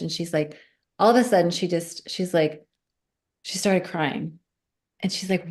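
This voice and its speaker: A woman's voice: lowish voice, normal speed. A woman guest telling a personal story in a casual chat, acting out the voices of the people in it. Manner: animated, acts out quoted voices.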